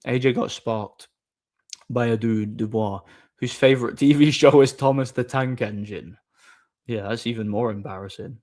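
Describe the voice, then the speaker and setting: A man's voice: medium pitch, moderate pace, a little mellow. A man chatting casually on a live stream, reading viewer messages aloud, rambling with repeated words and frequent laughter.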